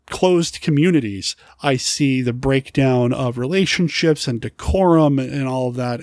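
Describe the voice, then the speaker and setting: A man's voice: mid-range voice, a little mellow, no echo, studio quality. A man hosting a podcast, thanking his listeners in a friendly, rambling way. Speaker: podcast host. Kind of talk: casual podcast intro.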